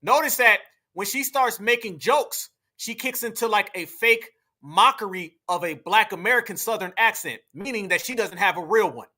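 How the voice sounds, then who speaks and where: A man's voice: sits high, moderate pace, pushed and bright. A man reacting to video clips, talking bluntly and directly to his viewers in slang. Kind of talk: casual reaction commentary.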